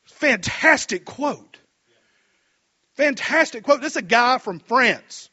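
A man preaching in a church with a high, bright voice, rambling through fillers and then building to emphatic peaks. The recording sounds dull and lo-fi. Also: expressive, slow, pauses often, breathy edge. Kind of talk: sermon.

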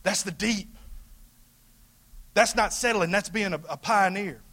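Man, pastor, sermon, high-pitched, bright tone, emphatic, folksy. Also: a little slow. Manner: emphatic preaching, swinging between loud calls and hushed asides; colloquial, folksy phrasing.

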